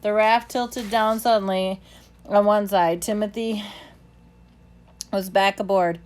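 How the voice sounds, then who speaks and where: A woman's voice: mid-range voice, slow. Woman reading a novel aloud. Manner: plain, steady reading with small slips. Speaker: reader.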